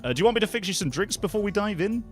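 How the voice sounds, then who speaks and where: A man's voice: high-pitched, expressive, racing, voice pushed up. A man reading the lines of a friendly tavern keeper in a video game in a cheerful, slightly raised voice, with light music behind.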